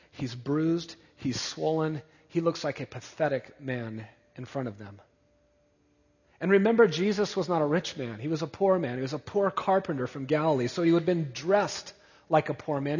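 A man's voice: on the high side, darkish tone, slightly rough. Male preacher in an echoey hall. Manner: emphatic, building repetition. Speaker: pastor. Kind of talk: expository sermon. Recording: dull, echoey church hall.

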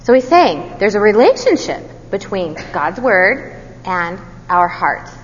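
A woman's voice: mid-range voice, big pitch swings, takes it slowly. A woman giving an earnest Bible teaching talk, asking her listeners questions and adding self-deprecating asides. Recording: dull, roomy recording with long reverb and faint background hum.

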